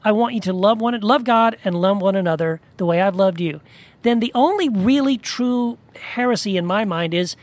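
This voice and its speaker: A man's voice: high voice, normal speed. A man co-hosting a podcast, talking about faith in an earnest, rambling way with many restarts. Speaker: podcast co-host. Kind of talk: casual faith discussion.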